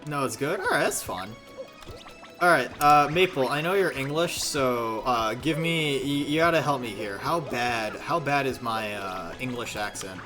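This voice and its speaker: A man streams a video game with music in the background, talking in a medium-pitched, animated voice at normal speed. His commentary is casual and rambling, self-mocking and freely profane.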